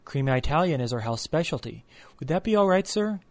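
A man's voice: on the high side, animated, a little fast. A man voicing a young male waiter who stays unflappably polite while listing every option.

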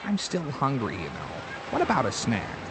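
In a scripted learner dialogue, a young American man plays a joking, always-hungry newlywed husband, teasing and wheedling. His mid-range voice swoops wildly in pitch at normal speed, with background noise and music playing behind.

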